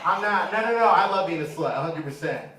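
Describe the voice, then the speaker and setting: A man's voice: a little high, lively intonation, quick pace, pushed and bright. A man in his thirties doing a brash, profane stand-up set and teasing the crowd, recorded on a comedy theater stage. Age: 30s. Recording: echoey room, mic from a distance.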